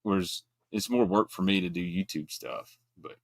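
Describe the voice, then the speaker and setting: A lowish-voiced man talks bluntly in casual, folksy chat. His delivery comes in quick bursts, and the sound is dry and close. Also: no room sound. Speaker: guest co-host.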